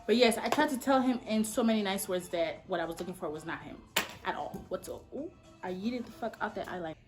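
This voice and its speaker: A young woman in her twenties tells a dating story at home while she does her makeup. Her delivery is sassy and animated, and she jumps into loud, high outbursts. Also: fast, music in the background. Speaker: beauty vlogger.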